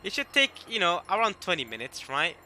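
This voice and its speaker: A man's voice: high-pitched, fairly quick, slight background noise, rough recording. A man giving casual, joking commentary while playing a visual novel, often repeating and correcting himself. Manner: animated, joking, self-interrupting. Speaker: video game streamer. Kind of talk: casual let's-play commentary.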